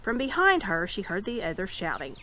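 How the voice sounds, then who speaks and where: A woman reading a novel aloud with expressive storytelling. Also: mid-range voice, a little fast, low-quality recording. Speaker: reader.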